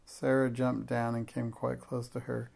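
Gravelly male audiobook narrator. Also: medium pitch, monotone, unhurried, darkish tone.

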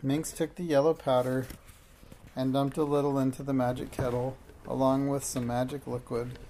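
Storybook narrator, children's chapter book, gentle, even, mellow tone, gravelly. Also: mid-range voice, moderate pace, slight background noise.

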